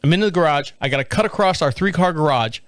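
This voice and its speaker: Animated storytelling man, lively pitch. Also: quick pace, no room sound, studio quality. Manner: animated, laughs often, swears. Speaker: podcast host. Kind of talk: casual storytelling. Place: home studio.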